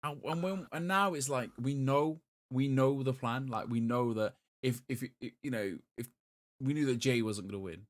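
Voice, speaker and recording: A man, co-hosting a podcast in casual, excitable chat full of swearing and restarts. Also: medium pitch, normal speed, no room sound, studio quality. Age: 30s. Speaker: podcast co-host.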